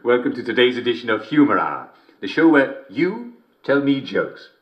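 A man's voice: medium pitch, sing-song, moderate pace, muffled recording, close to an everyday voice. An actor playing a jovial, middle-aged English TV host who chuckles between lines with a smarmy showman delivery, in a scripted game broadcast. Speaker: TV and radio host.

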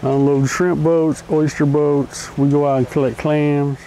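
A man's voice: on the high side, flat delivery, a little slow, mellow, low-quality recording. A man who works on the docks, speaking plainly in an interview. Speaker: dock worker. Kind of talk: casual interview. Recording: faint background noise.

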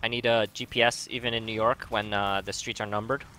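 A man co-hosting a casual gaming podcast who teases his co-host and asks quick questions. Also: lowish voice, level tone, bright, forceful tone, a little hiss or hum. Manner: teasing, quick to laugh.

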